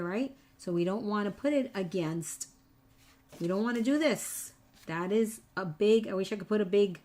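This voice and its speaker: A woman hosting a live craft tutorial, chatty and teasing, repeating each step to her viewers. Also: medium pitch. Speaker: papercraft tutorial host.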